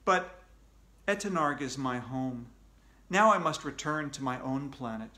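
A man voicing a gentle, formal alien teacher in a children's story. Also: medium pitch, expressive, unhurried. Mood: wistful. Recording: echoey room.

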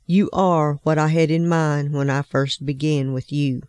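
A woman voicing a calm, patient master potter who gently explains himself. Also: low voice, unhurried, no echo, clean studio sound. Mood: gentle.

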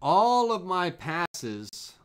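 A man teaching CNC toolpaths on a live stream, explaining in a relaxed, repetitive way with fillers as he works the software. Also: high-pitched, very slow, clear, resonant tone. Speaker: CNC woodworking instructor.

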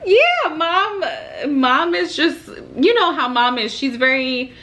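A woman's voice: sits high, animated, pushed and bright. Chatty young woman vlogger on a call. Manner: chatty storytelling, quick laughs. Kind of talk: casual video call chat. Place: hotel room. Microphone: phone on a video call.

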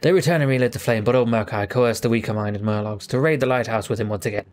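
A man voicing a ghostly old male pirate sailor with a rough, gravelly growl, reading quest text aloud in a video game let's play. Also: mid-range voice, quick pace, lightly acted. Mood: gruff.

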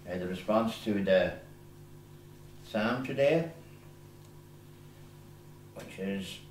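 A man, a priest reading scripture aloud at Mass, in a slow, deliberate way with small slips and self-corrections. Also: on the low side. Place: small chapel oratory indoors. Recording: echoey chapel with faint background hiss.

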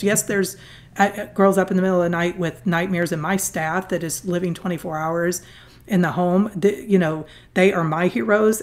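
Interview guest, woman, lower-pitched, earnest animated storyteller. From Southern California. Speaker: guest, foundation founder.

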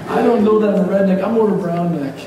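A man preaching a sermon as pastor, lively and joking as he urges the congregation on. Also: sits high, quick pace. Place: church sanctuary. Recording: echoey hall from far off, faint hiss.

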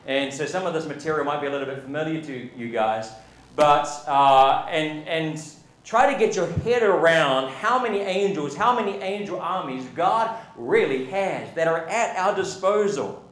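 Preaching from the echoey sanctuary of a church, a pastor asks his congregation questions and builds to emphatic high points. His voice is on the high side and a bit bright, with lively intonation at a normal speed.

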